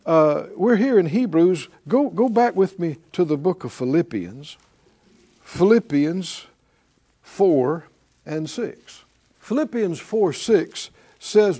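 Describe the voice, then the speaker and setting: A man's voice: high voice, lively intonation, slow pace, dark tone, breathy edge. A man preaching a sermon, building emphasis and drawing responses from his congregation. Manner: emphatic call-and-response preaching, rising in force. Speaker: pastor.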